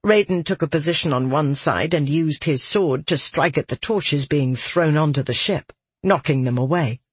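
An audiobook narrator with a medium-pitched, slightly breathy voice reads a fantasy adventure in a measured, expressive storytelling style. The recording is close-miked on a dry studio mic with no echo.

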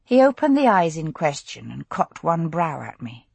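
A woman narrates a first-person novel in a low, husky voice. Her delivery moves widely in pitch, expressive and intimate. The recording is dry and close. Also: normal speed, no echo. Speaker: audiobook narrator.

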